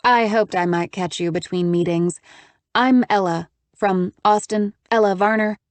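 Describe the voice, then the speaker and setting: A woman voicing a determined young woman who speaks crisply and in a businesslike way in an audiobook. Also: medium pitch, steady tone, unhurried, no room sound, natural voice. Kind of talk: audiobook character voice.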